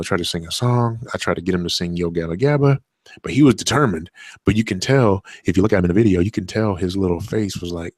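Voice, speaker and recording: A man's voice: low voice, no room sound. A man, hosting a solo show and telling a rambling story about his toddler son, with lots of fillers and restarts. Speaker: podcast host. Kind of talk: casual solo monologue.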